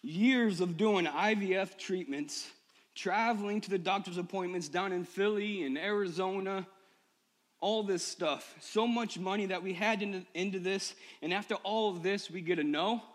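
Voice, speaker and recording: A male pastor preaching a personal sermon to his church, moving from quiet confession to impassioned, rising appeals. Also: high-pitched, steady tone, moderate pace. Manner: personal, builds to impassioned shouting. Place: church sanctuary.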